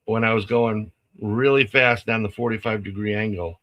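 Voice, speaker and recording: Speaking at a normal pace in a voice on the low side, a man casually recounts a story during a live stream over a rough recording. He performs the quotes of the people involved with lots of energy and keeps breaking into laughter.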